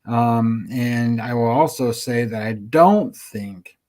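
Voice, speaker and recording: A man's voice: medium pitch, slow, darkish tone. A man co-hosting a sports betting show, chatting casually and rambling with many ums and restarts.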